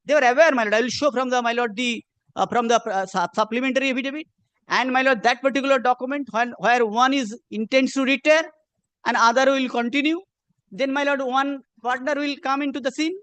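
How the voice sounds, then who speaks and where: A male advocate presses his case in a courtroom with a strikingly high voice. He speaks in a formal, insistent way and keeps addressing the bench. The sound is dry and close, with almost no room around it. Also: brisk, a bit bright, smooth, dry recording. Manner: insistent, repeats "my lord" constantly. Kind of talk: courtroom legal argument.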